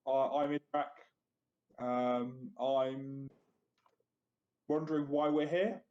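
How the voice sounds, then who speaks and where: Australian man, game player, dry, sarcastic, mid-pitched voice. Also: fairly even intonation, takes it slowly, darkish tone, dull audio. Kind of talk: in-character chat at a game table.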